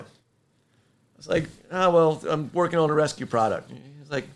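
Animated man telling stories. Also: medium pitch, moderate pace, creaky. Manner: animated storyteller who acts out quoted voices. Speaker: inventor of a firefighter rescue board. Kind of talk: casual conversation on a podcast.

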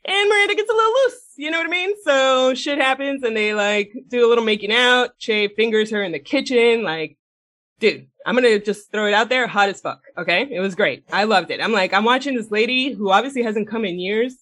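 A woman co-hosting a casual podcast, recapping a TV episode in a blunt, animated way, swearing a lot and laughing as she talks. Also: on the high side, fairly quick. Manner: laughs often mid-sentence. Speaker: podcast co-host. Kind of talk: casual chat, retelling a TV episode.

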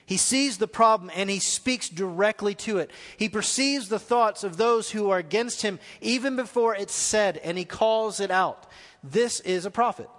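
A man's voice: high-pitched, normal speed, fairly bright tone, long reverb tail. A man preaching a live sermon as pastor, asking the congregation questions as he goes. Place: church hall.

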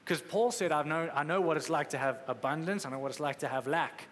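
A man's voice: fairly high pitch, fairly quick, fairly bright tone, slight background noise. A man preaching a sermon in a conversational, emphatic way, acting out quotes as he goes. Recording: echoey hall with faint ambience.

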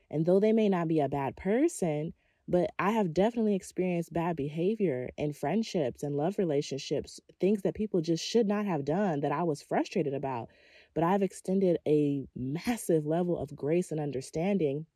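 A woman's voice: sits low, warm tone, no echo, clean studio sound. A woman leading a guided breathing session, sharing personal stories in an earnest, conversational way with a spiritual coaching tone.

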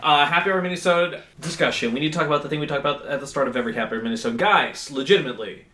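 A man's voice: on the high side, sharp tone, echoey room. A man hosting a casual podcast chat in a studio, joking and laughing often. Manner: jokey, quick asides, laughs often. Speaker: podcast host.

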